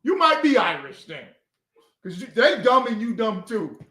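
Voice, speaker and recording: A man leading an informal scripture class, talking in a mocking, animated, slangy way. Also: high voice, normal speed. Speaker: class leader. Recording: echoey room.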